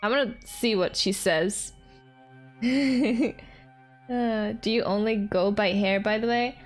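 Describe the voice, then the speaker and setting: A woman's voice: medium pitch, slow pace. A young adult woman streaming a game in casual commentary, playful, giggly and self-mocking. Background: faint game music.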